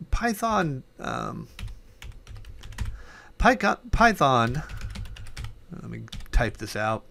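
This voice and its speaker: A man with an ordinary mid-pitched voice walks through his code in a loose, unscripted way. He trails off into quiet mutters, catches his own mistakes, and keeps on explaining while keys clatter under his talk. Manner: thinking aloud while typing, many fillers and self-corrections. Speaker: programming instructor. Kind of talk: casual coding tutorial.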